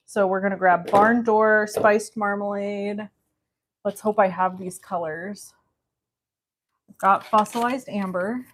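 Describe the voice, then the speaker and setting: A woman's voice: mid-range voice, a bit bright, slight background noise. A woman in her forties hosting a live card-making demonstration, chatting directly to her viewers as she works.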